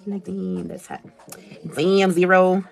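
A woman's voice: on the low side, little pitch movement, takes it slowly, creaky. Chatty woman livestreaming her nail work. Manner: chatty, swears casually, mixes in Spanish, reads viewer comments aloud. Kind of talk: casual livestream chat while working. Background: music playing.

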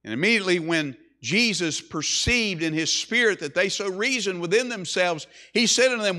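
Pastor, male, high bright voice, lilt, emphatic sermon delivery that swells and drops. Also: animated, moderate pace, few pauses. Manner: emphatic preaching, rising and falling with repeated phrases.

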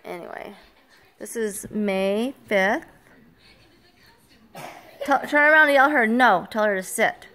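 A woman's voice: fairly high pitch, slow pace, pauses often, bright, forceful tone. An older woman, a grandmother, chatting casually at home into a handheld phone camera while giving firm, fond commands to dogs and children. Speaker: grandmother filming her granddaughters. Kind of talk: casual home video chat. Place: home, indoors.

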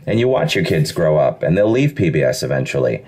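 A middle-aged man, a voice actor, telling stories in a casual interview with an animated, self-deprecating manner. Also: rumbling low, a little fast, husky. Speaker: voice actor guest.

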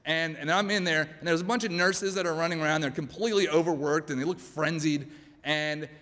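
A man's voice: fairly high pitch, fairly even intonation, brisk, sharp tone. A man in his thirties telling a true story on stage, in a chatty, self-mocking way full of "like". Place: church hall with live audience. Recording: long hall reverb, faint room noise.

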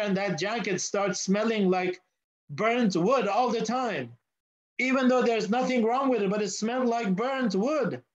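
A male pastor preaching a sermon in church, telling a story and asking the congregation questions. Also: sits high. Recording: dull lo-fi sound.

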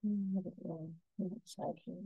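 A woman giving a gentle, unhurried step-by-step painting lesson as the instructor. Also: on the low side, fairly even intonation, creaky, breathy edge, narrow, tinny audio.

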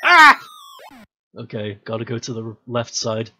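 A streamer in their thirties talks over a game with a bright, sharp tone and a voice that swings up and down a lot. They are blunt, swear freely and laugh often, with faint game music underneath. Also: medium pitch, animated, normal speed. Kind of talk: casual gameplay streaming.

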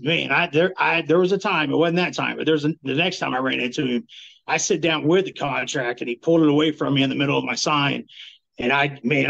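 A man's voice: on the high side, creaky, a bit bright, highs cut off. A middle-aged man, a former wrestler, telling rambling stories in a laid-back interview and laughing often. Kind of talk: casual storytelling interview.

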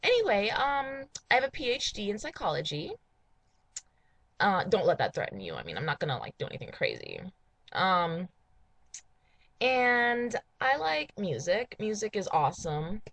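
A woman talking to camera in a casual confessional vlog for a dating profile, halting and emotional, full of sighs and restarts. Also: mid-range voice, huge pitch swings, a bit bright, no echo. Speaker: person making a dating video.

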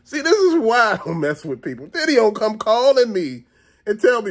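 Host casting: middle-aged man, lively comic ranter, swings his pitch a lot, salty language, laughs through his story. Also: fast. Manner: animated, profane, acts out quotes, laughs often. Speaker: show host. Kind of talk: comedic storytelling rant.

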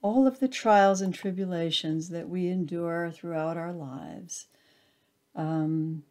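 A woman reading her own short story aloud, with a soft, hushed storytelling manner. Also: on the low side, takes it slowly. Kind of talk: storytelling narration.

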